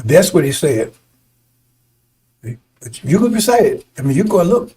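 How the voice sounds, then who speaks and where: A man's voice: a little high, very animated, normal speed, dark tone, slightly rough, poor audio. A man preaching in a combative, rambling way, often breaking off to ask "see?". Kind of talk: fiery preaching broadcast.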